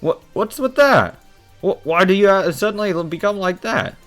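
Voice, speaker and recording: A jeering young street punk, thuggish and loud, barking taunts in a raised, strained voice as a man puts him on. His voice climbs well above the reader's own. Faint music plays behind him. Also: high voice, animated, normal speed, voice pushed up. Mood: mocking. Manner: shouting, cursing.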